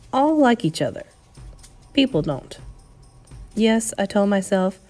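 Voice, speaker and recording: A woman narrates a children's novel aloud in an expressive storytelling manner. Her pitch moves in a lively way while staying mid-range. Soft music sits faintly behind her voice.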